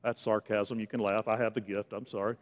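A man preaching a sermon in a church, swinging between hushed, quiet lines and loud, rising ones, with touches of sarcasm. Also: on the low side, level tone, brisk, long reverb tail. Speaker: pastor. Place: church sanctuary.

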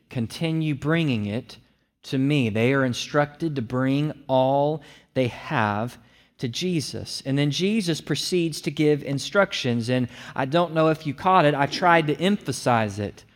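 A man's voice: mid-range voice, unhurried. A man preaching a sermon, explaining a passage and acting out the speakers' lines with animation. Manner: animated, acts out the disciples' lines in a raised voice. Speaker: pastor.

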